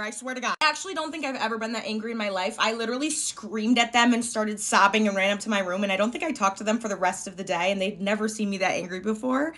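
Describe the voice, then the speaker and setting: Young woman, chatty storytime vlogger, higher bright voice, swears for emphasis. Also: fast talker. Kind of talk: casual storytime vlog.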